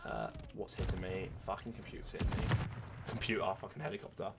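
A young man chats to his viewers over his gameplay with a very lively, up-and-down voice, cursing and grumbling as he plays. Gunfire and game sounds come through clearly behind him. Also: low voice, fast talker, heavy background noise. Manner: swears often, frustrated and animated, talks to viewers as boys and mate. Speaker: gaming streamer. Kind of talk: casual gameplay commentary.

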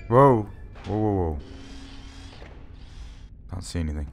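Sarcastic man with a lowish voice. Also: lively intonation, slow, vocal fry, faint music behind. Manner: wry, sarcastic, swears often; shouts when startled. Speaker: gaming video host. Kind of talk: let's play commentary.

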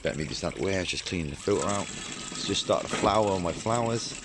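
A man's voice: sits low, fast talker, noisy background. A man, a carp fishing vlogger, ranting bluntly and casually in a home video, using slang and strong opinions. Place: at home, then outdoors by a garden pond.

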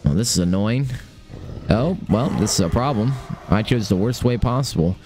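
A young man commentating his own game run, excitable and swearing, talking to himself. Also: fairly low pitch, moderate pace, over music. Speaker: gaming streamer. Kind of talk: live let's-play commentary.

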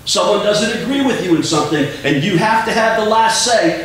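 A man's voice: sits high, expressive, a little fast, few pauses, a bit bright. A man preaching a sermon as pastor, earnest and emphatic, often repeating words as he drives a point home. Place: church sanctuary. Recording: echoey church room, distant mic, faint hum.

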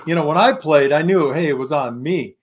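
Guy in his 50s telling stories on a podcast, kinda high voice, really animated, does everyone's voices. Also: fairly quick, slightly rough. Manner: animated, acts out quoted voices, laughs often. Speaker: guest, former pro football lineman. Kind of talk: casual interview storytelling.

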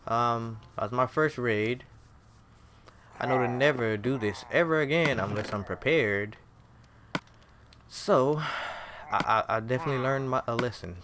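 Speaking a little slowly and pausing often, a man with a medium-pitched voice narrates his own gameplay over game music against a noisy background. This gaming video creator keeps it casual, getting jumpy, exclaiming and talking right at the game.

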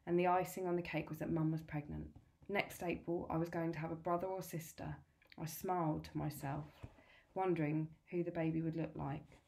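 A woman tutor reading a novel aloud, steady and clear. Her voice sits low for a woman. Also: normal speed, a little hiss or hum.

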